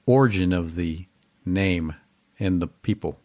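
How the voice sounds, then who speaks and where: Playful male co-host, lower voice, agreeable banter. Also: dark tone. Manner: playful, chatty, quick to agree. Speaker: podcast co-host. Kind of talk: casual true crime podcast chat.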